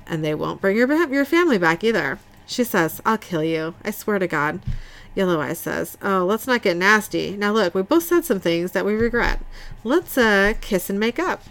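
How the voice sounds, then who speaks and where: A woman's voice: medium pitch, animated, moderate pace. A woman co-hosting a podcast, reading scene dialogue from her notes in a casual recap. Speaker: podcast host recapping an episode.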